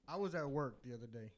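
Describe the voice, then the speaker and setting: A young man, cursing freely as he tells a story in a casual podcast chat. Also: medium pitch. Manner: animated, swears a lot, builds suspense. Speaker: podcast co-host.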